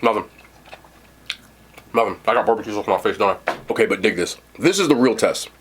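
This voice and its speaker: Over a crowd in the background, this young man from New Jersey races through a food review in his casual eating vlog, mouth full and excited. His voice is lowish and his intonation lively.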